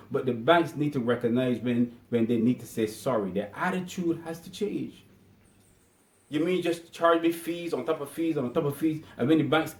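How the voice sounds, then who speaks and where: A man with a somewhat high voice speaks his mind in an indignant monologue. He repeats his points and punches them hard. The sound rings in an echoey room. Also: a little mellow. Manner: indignant, repetitive, building to emphatic outbursts. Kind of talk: opinion monologue.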